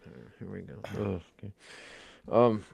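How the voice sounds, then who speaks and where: A man's voice: lowish voice, fairly even intonation, normal speed, creaky, darkish tone, breathy edge, no room sound. A man co-hosting a podcast in casual chat, hesitant and repeating words as he starts. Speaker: podcast co-host.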